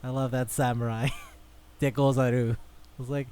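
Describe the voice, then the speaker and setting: A man's voice: medium pitch, flat delivery, moderate pace, pauses often, darkish tone, clean tone, no echo. A man co-hosting a podcast in casual chat, rambling, swearing freely and laughing often. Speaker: podcast co-host.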